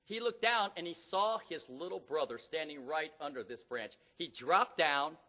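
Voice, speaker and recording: A middle-aged man preaching a sermon in a church, telling stories dramatically and rising to loud emphatic peaks. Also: on the high side, animated, moderate pace. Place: church hall. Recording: long hall reverb.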